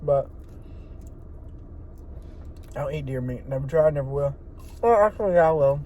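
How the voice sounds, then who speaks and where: A man's voice: on the high side, expressive, moderate pace, a little mellow, lo-fi sound, a little hiss or hum. A man vlogging in a rambling, profane way while eating in a car parked in an empty lot. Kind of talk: casual rambling monologue.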